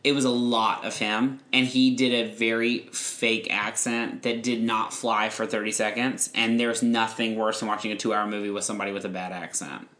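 A man's voice: on the low side, moderate pace, few pauses. A man hosting a podcast, chatting and gossiping as he reviews a movie. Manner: chatty, gossipy, animated storytelling. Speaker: podcast host. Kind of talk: casual chat, movie review. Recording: echoey room.

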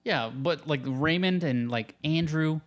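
A man's voice: a little high, a little slow. A man, a comedian guest on a casual podcast, joking, laughing and swearing.

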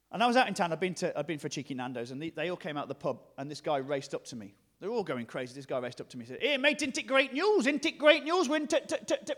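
A man with a northern English accent preaching a conversational, jokey sermon in a church hall. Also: medium pitch. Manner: lively, conversational, jokey preaching with sudden shifts between hushed and loud.

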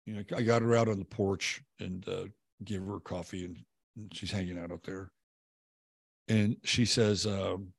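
A man hosts a casual livestream in a lowish voice, rambling through viewer comments with loose fillers and restarts. He swears offhandedly and drifts between topics. The sound is dry and close, with no room around it. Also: fairly even intonation, normal speed, creaky, slightly rough, no room sound. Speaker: livestream host. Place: home, living in Texas.

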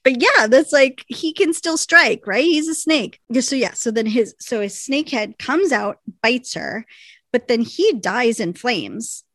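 As a podcast co-host, a woman animatedly recaps a TV episode in casual chat, quoting the characters in different voices. Her pitch is fairly high and her pace a little slow, recorded dry on a desk microphone.

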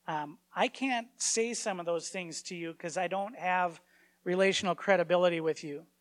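A man's voice: sits high, moderate pace. A man in his forties giving a conversational sermon as a pastor, informal and story-driven, with frequent fillers and restarts.

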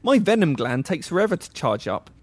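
A meek, one-armed reptile creature shuffles through a job interview, voiced by a man. He sounds sheepish and hesitant, his pitch rising and falling a lot. The sound is dry and close, as in comedy sketch acting. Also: sing-song, fairly quick, husky, dry recording. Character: timid one-armed male reptile-person job seeker.

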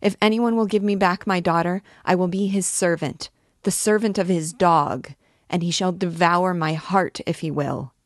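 A woman's voice: low voice, little pitch movement, unhurried, a little mellow, no room sound, clean studio sound. A woman voicing a desperate young mother crying out and pleading for her lost child in a storybook reading. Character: frantic grief-stricken young mother searching for her child.

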